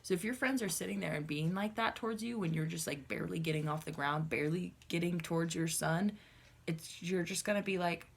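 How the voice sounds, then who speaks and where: A low-pitched woman talks through a tarot reading in a relaxed, conversational way. She is blunt and unfiltered, swears freely, and keeps addressing her viewers directly. It sounds like a solo recording made to camera. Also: brisk, gravelly. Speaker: tarot reader.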